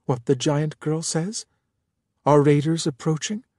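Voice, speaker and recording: A soft-spoken, innocent-seeming woman ruler from another world, earnest and a little naive, as a male narrator puts her on. Dry, close audiobook sound. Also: a little high, a little slow, no echo, voice pushed up. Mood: alarmed. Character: alien female ruler, gentle, innocent-seeming, thirties.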